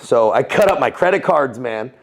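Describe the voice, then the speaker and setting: A former Navy SEAL and Foreign Legionnaire, appearing as a guest in a casual interview, tells a story at a moderate pace. His medium-pitched voice has lively intonation, and his talk is slangy and full of swearing, broken up by frequent laughs.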